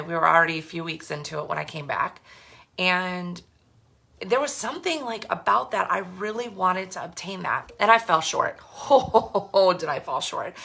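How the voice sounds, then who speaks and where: With a bright, forceful tone, a lower-pitched voice, and vocal fry, a woman in her thirties talks openly to camera about her own life. She leads a direct sales team, and her earnest, frank delivery is peppered with fillers and restarts.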